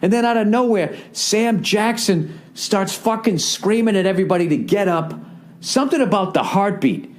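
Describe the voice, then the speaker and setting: A man in his forties with a Boston accent rants through a comedic podcast monologue. His voice sits fairly high, and he swears freely as he tells the story with lots of energy. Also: normal speed. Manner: profane, ranting, animated storytelling. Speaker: podcast host.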